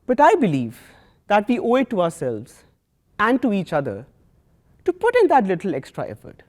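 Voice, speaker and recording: A man in his twenties with a Pakistani accent, giving a prepared student talk in an earnest, measured way with deliberate pauses. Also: high voice, wildly swooping pitch, a little mellow. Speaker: student speaker.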